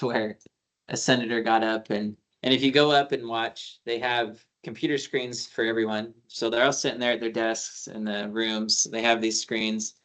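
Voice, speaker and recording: A man's voice: medium pitch, fairly bright tone. A man, an attorney, giving a casual training talk, telling anecdotes with quoted dialogue and frequent fillers. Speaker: attorney leading a civic training.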